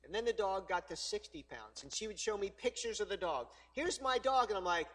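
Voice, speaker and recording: High-voiced joking male preacher. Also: animated, fairly quick, a bit bright. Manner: conversational and joking, with frequent 'all right?' tags. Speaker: pastor. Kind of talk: sermon.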